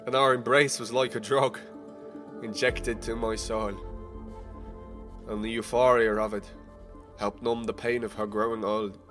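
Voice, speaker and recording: A young man narrating a rhyming spoken-word story, casual and profane, moving between hushed and heated. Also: mid-range voice. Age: young adult.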